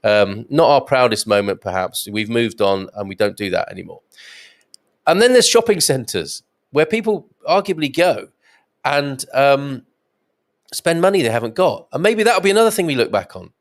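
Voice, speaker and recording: A man from England hosting a live stream, reading out viewer comments in a rambling, chatty way and chuckling often. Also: mid-range voice. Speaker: host.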